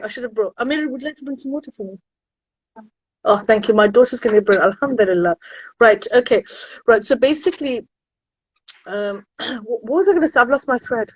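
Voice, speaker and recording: A woman's voice: a little high, slightly rough, no echo, muffled recording. A woman who works as a university admissions consultant, chatting animatedly with viewers on a live stream from home. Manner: chatty and animated, frequent exclamations.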